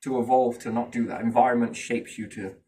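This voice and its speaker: A man's voice: medium pitch, fairly even intonation, a little fast, mellow. A man musing in a casual chat, rambling from thought to thought and often asking rhetorical questions. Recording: voice a bit far from the mic.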